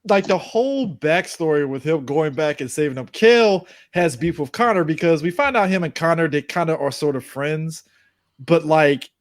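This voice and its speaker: A man's voice: a little high, animated, moderate pace. A man co-hosting a podcast, casually and profanely retelling a movie's plot. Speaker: podcast co-host. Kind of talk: casual chat.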